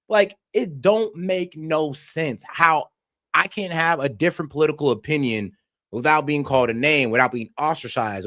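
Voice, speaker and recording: A man streams a reaction show, ranting with raw passion and frequent swearing. His fairly high voice swings widely up and down as he gets worked up. The sound is dry and close, with no room around it. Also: a bit bright, no echo. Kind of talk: heated reaction commentary.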